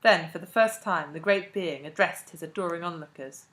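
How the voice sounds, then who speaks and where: A woman narrating a classic novel as an audiobook, in a measured and expressive way. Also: lowish voice. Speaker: audiobook reader.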